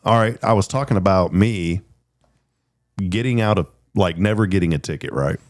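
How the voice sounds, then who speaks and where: A middle-aged man hosting a talk show, telling rambling stories in a casual, animated way. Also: low-pitched, normal speed. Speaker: host. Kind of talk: casual storytelling.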